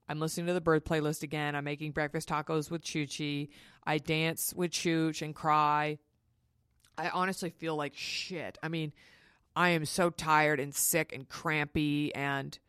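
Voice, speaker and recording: A woman's voice: sits low, clear, resonant tone, no echo, studio quality. A woman, hosting a podcast and telling a personal story in a frank, profane, chatty way. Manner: frank and profane, quick asides. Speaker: podcast host.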